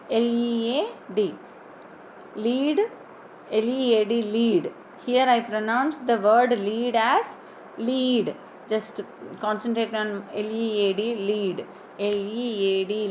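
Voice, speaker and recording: A woman gives an online lesson at an unhurried, careful pace. Her voice sits fairly high, and she spells words out letter by letter. A faint hiss of noise sits behind her. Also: a little mellow, low-quality recording. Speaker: English teacher.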